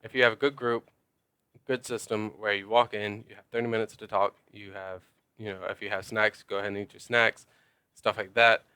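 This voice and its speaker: A man's voice: lowish voice, bright, forceful tone, clear, resonant tone, no room sound. A man at home talking casually to camera about playing role-playing games, rambling with lots of fillers. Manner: rambling, loose, filler-heavy. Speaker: tabletop role-playing gamer.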